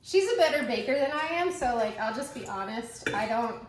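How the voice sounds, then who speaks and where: A young woman hosting her home cooking vlog, bubbly and rambling, excitedly chatting with a guest in her kitchen. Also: fairly high pitch, a little fast, slight background noise. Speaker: cooking channel host. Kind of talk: casual cooking vlog chat. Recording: echoey kitchen room.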